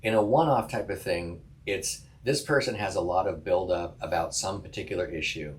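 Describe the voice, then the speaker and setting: A man with a lowish voice co-hosts a podcast as a counselor. He talks in a relaxed, casual way, laughing often and restarting his sentences as he thinks aloud. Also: normal speed. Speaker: podcast co-host, licensed counselor.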